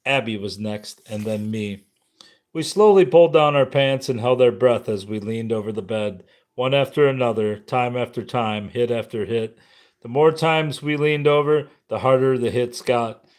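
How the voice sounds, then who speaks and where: A man narrating a memoir audiobook in a somber, measured way. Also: medium pitch, darkish tone.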